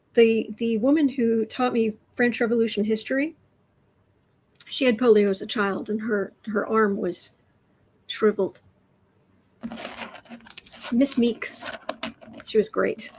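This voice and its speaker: A woman's voice: on the high side, fairly even intonation, slow pace, long pauses, a little mellow, poor audio. Chatty woman hosting a tarot livestream. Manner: chatty, frequent restarts and repeated words. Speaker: tarot reader and livestream host. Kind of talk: casual livestream chat, reading out viewer comments.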